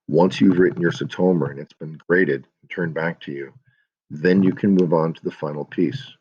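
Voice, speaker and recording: A man's voice: deep voice, steady tone, moderate pace, lo-fi sound. A man teaching a class, giving step-by-step instructions for a student project and speaking directly to his students.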